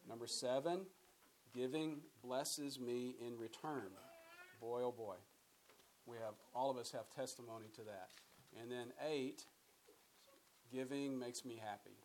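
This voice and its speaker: A man's voice: medium pitch, a little slow, a little mellow, slight background noise, low-quality recording. Conversational man teaching the Bible. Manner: conversational, repeats words, asks the group questions. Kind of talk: sermon-style Bible teaching.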